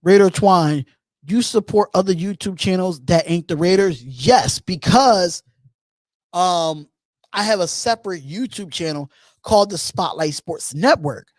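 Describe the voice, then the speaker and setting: Call-in show host from Philadelphia, male, high voice, lively and repetitive, dry mic. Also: measured pace, no echo. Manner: animated, repeats himself, reads and answers chat questions. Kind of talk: live call-in show chat.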